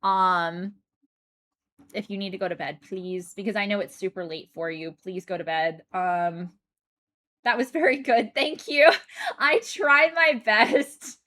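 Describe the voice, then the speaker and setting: Woman, American accent with a British tinge, unhurried, rambling casual stream chat. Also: mid-range voice, fairly even intonation, bright, forceful tone. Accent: American with slight British influence. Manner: chatty, rambling, thanks viewers. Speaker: Twitch streamer.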